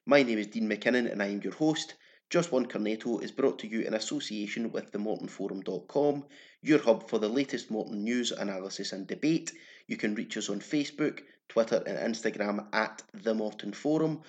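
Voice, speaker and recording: A Scottish man hosting a football podcast, moving between a scripted intro, relaxed banter and plain reading of statements. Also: on the low side, brisk. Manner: steady, reads statements aloud plainly. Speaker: podcast host.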